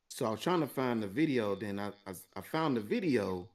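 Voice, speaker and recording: A man's voice: fairly low pitch, animated, brisk, darkish tone. A man co-hosting a podcast, telling a long story in a casual, profane, rambling way and laughing between lines. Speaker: podcast co-host.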